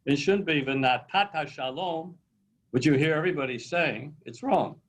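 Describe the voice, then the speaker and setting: A man with a slightly high voice, speaking as a cantor. He explains and corrects points with some authority in a casual discussion held over a video call. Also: animated, a little fast, slightly rough, rough recording.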